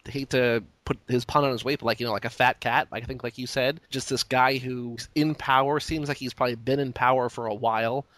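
Male podcast host, mid pitch, animated and chatty, casual movie talk, dry room. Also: brisk, hardly any pauses, dry recording. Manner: animated, lots of "like", rises in pitch when excited.

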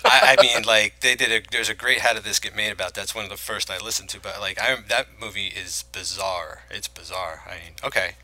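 A man's voice: lowish voice, fairly quick, few pauses, bright, forceful tone, rough recording. A man co-hosting a podcast, chatting casually about movies and rambling with many restarts. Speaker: podcast co-host. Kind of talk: casual film-talk chat.

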